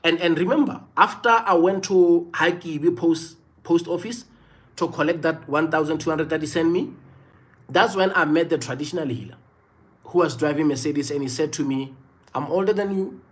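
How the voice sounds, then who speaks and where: A man's voice: on the high side, normal speed. A man in his thirties with a South African accent, telling a personal story on a livestream in an earnest way, often repeating phrases. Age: 30s. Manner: earnest, repeats phrases, many "you know" fillers. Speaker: livestream host.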